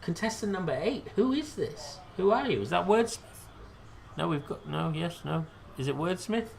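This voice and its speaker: A man's voice: high voice, big pitch swings, moderate pace, creaky, a little mellow. Rambling British man hosting a quiz. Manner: rambling, self-deprecating, joking. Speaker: quiz host. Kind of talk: casual live-stream quiz hosting.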